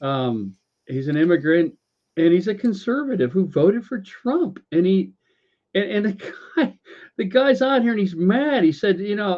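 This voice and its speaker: High-voiced guy stammering thru a sweary sarcastic rant, muffled lo-fi audio. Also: expressive, a little slow. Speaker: podcast co-host. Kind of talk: casual political rant. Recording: dull lo-fi audio.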